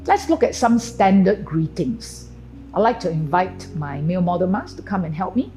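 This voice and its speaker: A middle-aged woman presenting a lesson on etiquette, speaking clearly and deliberately, slowing down to stress key phrases. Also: on the low side, sing-song, warm tone, faint music behind, rough recording. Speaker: etiquette and grooming trainer.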